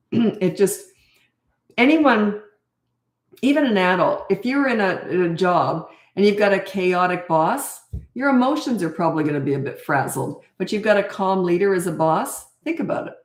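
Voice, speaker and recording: A woman's voice: mid-range voice, expressive, normal speed, reverberant. An older woman and parenting coach from Canada, chatting casually and bluntly in a live Q&A, laughing often and losing her thread.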